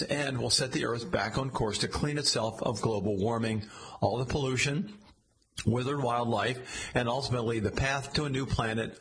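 A man's voice: mid-range voice, fairly bright tone, natural voice. A man reading a satirical story, voicing a smug, scheming male AI chatbot that talks in a sly, slangy, coaxing way.

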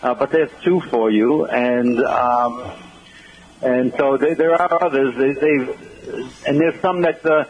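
Hurried man on a dull phone line. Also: mid-range voice. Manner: hurried, apologetic, distracted. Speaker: phone-in guest, event organizer. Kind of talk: casual radio phone interview.

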